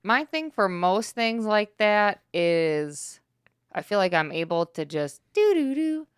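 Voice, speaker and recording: A woman co-hosting a podcast, telling a story calmly and matter-of-factly in casual chat. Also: medium pitch, slow, clean tone, dry recording, studio quality. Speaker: podcast co-host.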